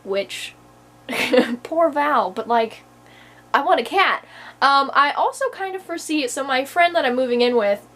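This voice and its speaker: A woman's voice: high-pitched, animated, a little slow, a bit bright, rough recording. A young adult woman vlogging in casual chat to camera, rambling with many fillers and frequent laughs.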